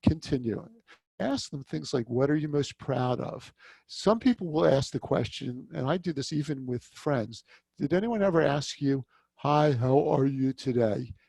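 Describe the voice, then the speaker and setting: A man presenting a small-business networking workshop over a video call, chatty and lively, often asking his audience questions. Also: medium pitch, vocal fry, slightly rough, no echo. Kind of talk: virtual workshop talk. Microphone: video call mic.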